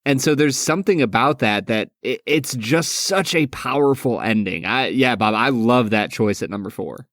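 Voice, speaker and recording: A man's voice: medium pitch, animated, moderate pace, few pauses, fairly bright tone, no echo, clean studio sound. A man co-hosting a casual podcast, talking enthusiastically and laughing often. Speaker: podcast co-host. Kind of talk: casual chat.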